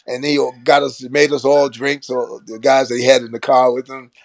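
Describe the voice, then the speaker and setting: An older man from Brooklyn, New York, a former basketball player and coach, telling animated stories in a casual interview and often acting out what people said. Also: mid-range voice, moderate pace, dry recording. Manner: animated storyteller who acts out quoted lines and laughs often.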